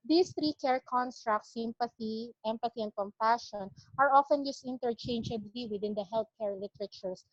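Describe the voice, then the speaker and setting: A woman palliative care consultant delivers a medical lecture, setting out definitions in an earnest, careful manner. Her voice sits a little high. The audio is dull, dry and lo-fi. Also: no room sound.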